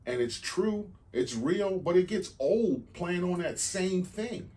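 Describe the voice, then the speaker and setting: A man's voice: sits high, expressive, slow pace, a little mellow. A man hosting a podcast in casual chat, conversational and given to emphatic outbursts. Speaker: podcast host.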